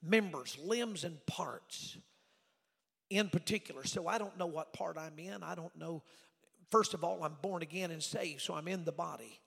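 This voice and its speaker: Folksy preacher, gravelly and husky. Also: male voice, fairly high pitch, moderate pace. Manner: folksy, swings from loud preaching to hushed asides. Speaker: evangelist preacher. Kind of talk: storytelling sermon. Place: church sanctuary. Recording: reverberant church hall.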